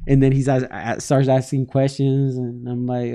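A man's voice: mid-range voice, monotone, moderate pace, dark tone. A young man from El Salvador, a podcast co-host, telling a story in casual chat, acting out quotes and laughing often.

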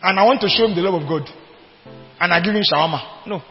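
A man's voice: high voice, fast. A man preaching a sermon, emphatic, repeating his points and asking the congregation if they follow. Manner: emphatic, asks the congregation questions, repeats phrases. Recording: dull long hall reverb with faint music.

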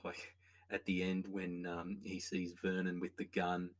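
Co-hosting a podcast, an opinionated man chats casually about a film in a low, monotone, unhurried voice. His review rambles, with many restarts along the way.

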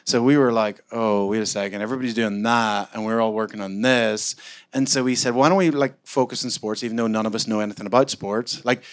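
A man from Scotland, a startup founder, answering onstage interview questions in a rambling, animated way full of fillers and self-mocking asides. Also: lowish voice, fast talker. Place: event room with a live audience.

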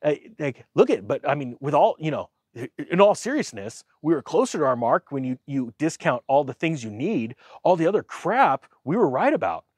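A man's voice: on the high side, very animated, normal speed, a little mellow, slightly rough, no echo. A man giving a casual, sarcastic rant about the economy, mocking others in silly voices. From United States. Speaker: finance commentator.

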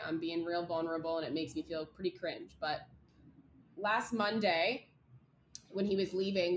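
A young woman with a lowish voice shares things openly in a rambling, casual way, leaning on "like" a lot. She co-hosts a chat podcast. The room around her is echoey, with a faint background hum. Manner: candid, rambling, lots of "like". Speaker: podcast co-host.

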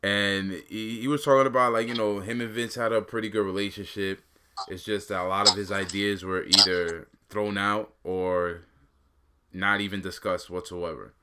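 A man's voice: fairly low pitch, steady tone, moderate pace, background noise. A man in casual chat as a co-host, talking loosely and slangily, rambling with lots of fillers.

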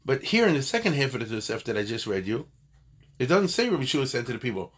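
An older man teaching a loose, chatty Talmud class. His voice is husky and sits at an ordinary pitch. He wanders off on asides and corrects himself mid-sentence. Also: sing-song, fast talker. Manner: digressive, conversational, self-correcting. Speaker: Torah teacher.

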